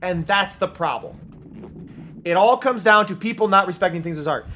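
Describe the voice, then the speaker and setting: Male streamer from the US, fairly high voice, emphatic, repeats points, playful reading of game text. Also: moderate pace, bright, forceful tone, slight background noise. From United States. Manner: heated ranting, emphatic repetition; playful, reads game text aloud mockingly. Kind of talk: live gameplay stream chat.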